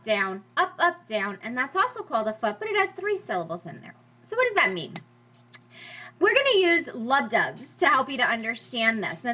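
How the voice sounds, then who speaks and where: Lively, bright-voiced woman teacher. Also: sits high. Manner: lively, emphatic, sing-song stress demonstrations. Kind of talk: classroom lecture over slides. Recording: slightly dull lo-fi recording.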